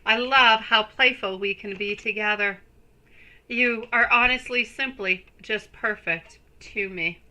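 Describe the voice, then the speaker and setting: A woman hosting a live tarot reading stream, speaking slowly and affectionately to her viewers. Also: on the high side, bright, forceful tone, low-quality recording. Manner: slow, soothing, affectionate toward viewers.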